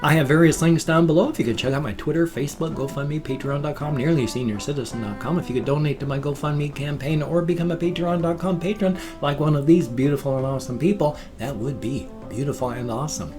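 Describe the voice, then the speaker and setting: An older man vlogging alone, talking casually and in a folksy, rambling way, his sentences often trailing off softly. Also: a little high, quick pace, few pauses, music in the background. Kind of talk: casual vlog monologue.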